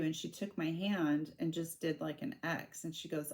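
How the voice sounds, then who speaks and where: A woman in her forties telling her own story to camera in a candid, halting way, often restarting her sentences. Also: low-pitched, fairly even intonation, darkish tone. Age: 40s.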